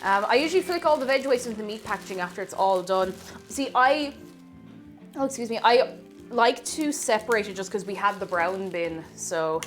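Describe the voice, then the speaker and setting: Faint music plays behind a woman speaking at a moderate pace in a mid-range voice. Cooking live in her home kitchen, she chats casually, reads chat aloud, greets viewers excitedly, and occasionally moves away from the mic.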